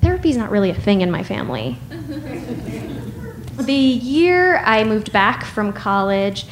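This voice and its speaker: Slow, wry woman storyteller. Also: a little high, sing-song, background noise. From United States. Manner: wry, laughing, unhurried. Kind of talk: personal storytelling.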